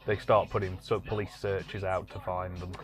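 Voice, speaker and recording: A man's voice: low voice, flat delivery, moderate pace, music in the background. A man hosting a casual film commentary, chatting in a dry, wry way. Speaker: host of a film review channel.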